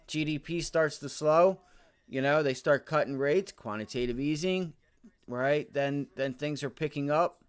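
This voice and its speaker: A man's voice: fairly high pitch, a little slow, clean tone. A man streaming live from his desk, talking through stock charts in a loose, rambling way. He grumbles and swears under his breath when things go wrong, then turns back to explaining to viewers, peppering his talk with "right?" and "my friend". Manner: repeats filler words like right and my friend. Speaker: livestream day trading host. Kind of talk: casual live-stream commentary.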